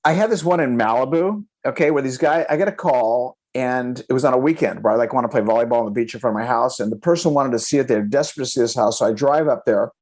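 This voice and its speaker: A middle-aged man, a guest agent, telling real estate stories with animated delivery and acting out the people in them. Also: medium pitch, quick pace, hardly any pauses. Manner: animated, mimics people in his stories, laughs. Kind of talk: casual storytelling chat.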